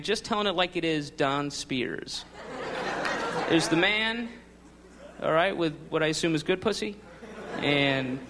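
Man, stand-up comedian, wry rambling delivery, higher voice, noisy live club recording. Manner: wry, rambling, with laughing asides. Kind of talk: stand-up routine. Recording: live club with crowd and noise.

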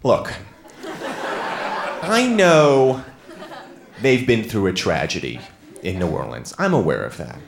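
A man's voice: lowish voice, big pitch swings, slow pace, pauses often, crowd noise. A man performing a stand-up comedy set on stage, telling a self-mocking story with dry sarcasm. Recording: echoey live room with clear background noise.

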